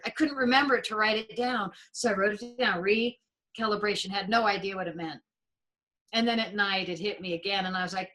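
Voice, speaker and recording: This is a woman speaking as an interview guest, her voice bright and forward. She tells her stories with lots of expression and jumps into quoted exclamations of her own past reactions. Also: medium pitch, fairly quick, poor audio. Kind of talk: animated storytelling in an interview.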